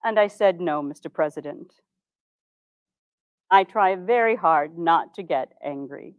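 Brief: actress as earnest 1860s reformer, formal first-person monologue, dry close sound. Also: female voice, lowish voice, expressive, no room sound, muffled recording. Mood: recounting. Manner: formal, measured old-fashioned diction. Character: earnest 1860s woman reformer, composed and dignified. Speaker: historical reenactor.

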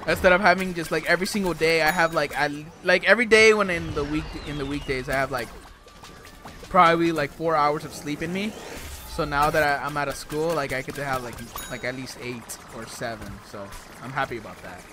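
A young man giving live co-op gameplay commentary over a headset, excitable, swearing a lot and rapidly repeating himself. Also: on the high side, soft background music. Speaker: gaming channel host.

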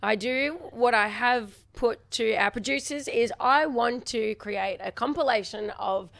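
A woman's voice: fairly high pitch, unhurried, vocal fry, fairly bright tone. A young woman, co-hosting a casual football chat in a chatty, playful way. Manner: chatty, playful, laughs a lot. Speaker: co-host, footballer.

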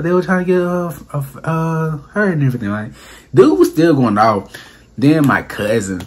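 A young man tells a story in loose slang, his pitch leaping up and down as he acts out the scene. His voice is husky and a little rough. The delivery is casual storytime. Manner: animated, slangy, acts out quotes with voice jumps. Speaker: storyteller vlogger.

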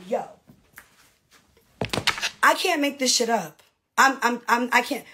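Brash husky-voiced woman ranting on a livestream. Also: on the high side, animated, bright, forceful tone. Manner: brash, profane, mocking, quick asides. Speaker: reality TV personality livestreaming to fans. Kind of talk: casual livestream rant.

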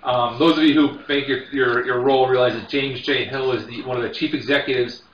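A man narrating a tabletop game as game master, in a relaxed and halting way, recorded from a distance in an echoey room. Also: medium pitch, dull audio.

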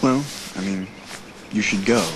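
A man's voice: fairly low pitch, a little slow, noisy background, close to an everyday voice. An actor playing a dry, joking young man who is reluctant to go to a party, in a television drama. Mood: wry. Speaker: soap opera character.

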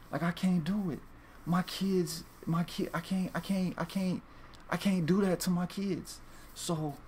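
With slight background noise behind him, a man hosting a fantasy sports video chats casually to viewers, rambling, swearing, and repeatedly restarting. His voice is a little high with a darkish tone.

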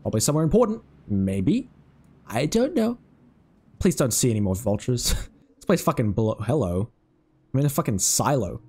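A man giving casual, excitable commentary on his own game run, swearing freely and chatting to the creatures on screen. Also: medium pitch, moderate pace, pauses often, slightly rough. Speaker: let's play host.

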